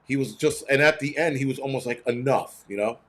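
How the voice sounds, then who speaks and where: A man's voice: mid-range voice, fast, fairly bright tone. A man in his fifties hosting a casual livestream, rambling and sarcastic with constant swearing. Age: 50s. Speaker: livestream host.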